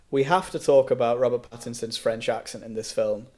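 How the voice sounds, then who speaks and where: A man's voice: mid-range voice, steady tone, moderate pace, a little mellow. A man co-hosting a casual film review chat, opinionated and keen on history, often repeating words as he restarts. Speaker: podcast co-host reviewing a film.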